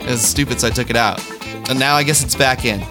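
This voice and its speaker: A man hosting a satirical news monologue with deadpan delivery and self-deprecating asides. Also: mid-range voice, fast talker, music in the background. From Kansas City area. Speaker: comedy news host.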